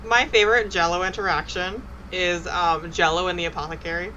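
A woman in casual chat, giggling often and telling stories quickly. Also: fairly low pitch, fairly even intonation, bright, forceful tone, lo-fi sound, slight background noise.

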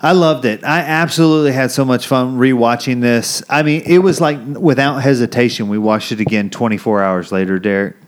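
A man's voice: mid-range voice, fairly quick, hardly any pauses. A man co-hosting a casual movie podcast, talking enthusiastically with a loose, chatty manner. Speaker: podcast co-host.

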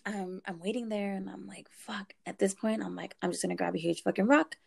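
A young woman casually telling a story, animated, swearing and laughing as she goes. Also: mid-range voice, quick pace, vocal fry, breathy edge.

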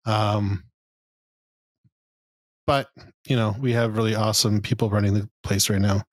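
A man's voice: lowish voice, level tone, a little slow, no echo, clean studio sound. Laid-back rambling man. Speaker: podcast co-host. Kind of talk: casual football chat.

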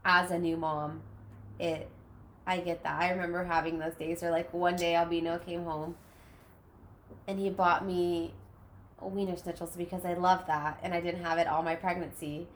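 A woman in casual chat, telling stories in a chatty, animated way. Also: fairly low pitch, moderate pace. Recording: echoey room, faint noise.

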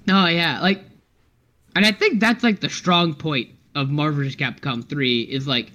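A young man co-hosting a podcast in casual chat. He is animated, laughs often and talks with many fillers. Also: a little high, moderate pace, dull audio. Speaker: podcast co-host.

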